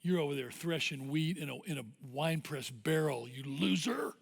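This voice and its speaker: A man voicing a contemptuous inner critic in hushed, scornful muttering. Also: fairly high pitch, expressive, moderate pace, gravelly, long reverb tail.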